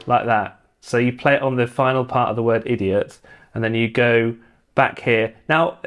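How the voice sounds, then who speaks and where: A man teaches guitar, explaining picking patterns and fret shapes in a relaxed, step-by-step way. His voice sits at an ordinary middle pitch. Loud electric guitar playing fills the gaps between his sentences. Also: moderate pace. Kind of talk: guitar lesson walkthrough. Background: loud guitar playing between phrases.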